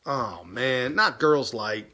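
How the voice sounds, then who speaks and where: A man's voice: medium pitch, animated, slow, sharp tone. A man hosting a casual live stream, chatting with viewers and reading their comments aloud, enthusiastic, laughing and repeating himself.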